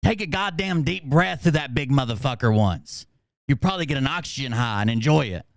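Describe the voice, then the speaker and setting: Gravelly, profane, ranting man. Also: mid-range voice, animated, fairly quick, no room sound, clean studio sound. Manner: profane, combative, swearing constantly. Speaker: channel host. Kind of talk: angry livestream rant.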